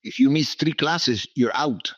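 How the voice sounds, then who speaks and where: His voice is a little high and fairly bright with a breathy edge, lively in intonation yet measured in pace. He is a Cuban businessman in his seventies, a native Spanish speaker with a Cuban Spanish accent, telling rambling, repetitive stories as an interview guest and often asking "okay?" The recording is muffled, with no room sound.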